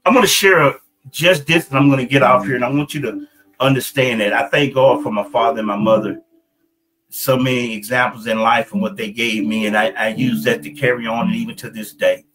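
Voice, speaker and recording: A man preaching a sermon, telling a family story with halting, repeated words and voicing the people in it. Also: steady tone, fairly bright tone, soft background music, poor audio. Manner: halting, repeats words, rises into higher pitch for quoted voices.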